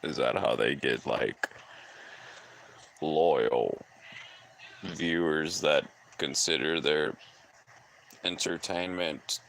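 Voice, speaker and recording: A man livestreaming alone in casual, rambling chat, talking in heavy vocal fry while he fixes his hair. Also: very deep voice, drawn-out words, pauses often, a bit bright, slight background noise, rough recording. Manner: rambling, offhand, musing aloud. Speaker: live streamer.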